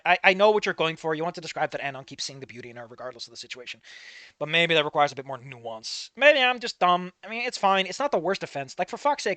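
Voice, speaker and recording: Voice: mid-range voice, pushed and bright, dry recording. A person reading a fan story aloud and breaking off for sarcastic, swearing commentary. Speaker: fanfic reader and reviewer.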